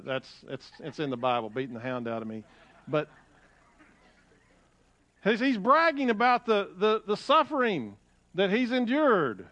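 A man preaching as a pastor in a church, talking in a folksy, conversational way with frequent restarts, and reading scripture with rising emphasis. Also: a bit bright. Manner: rises in pitch and volume when reading scripture aloud. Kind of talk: sermon. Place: church sanctuary. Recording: dull, lo-fi sound.

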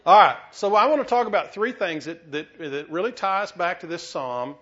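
A man's voice: sits high, expressive, normal speed, hardly any pauses, bright, forceful tone. A man preaching a sermon as pastor, conversational, with restarts and teasing asides. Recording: dull lo-fi recording.

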